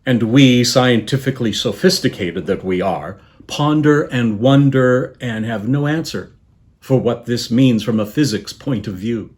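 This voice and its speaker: A man preaching a sermon as a guest minister, telling the story in a measured, reflective way and letting his voice drop softly on quoted words. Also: mid-range voice. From Canada.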